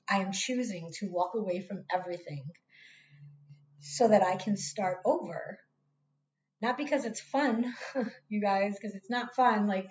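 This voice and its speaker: A woman's voice: lowish voice, darkish tone. A woman reading tarot in a casual spiritual talk, speaking candidly and swearing freely as she addresses her viewers directly. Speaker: tarot reader. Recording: echoey room, dull lo-fi sound, faint hiss.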